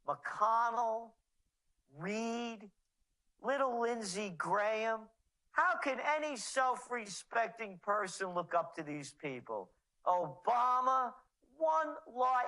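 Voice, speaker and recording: Slow, sarcastic man ranting. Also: very high voice, animated, pushed and bright, rough recording. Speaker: guest. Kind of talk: interview.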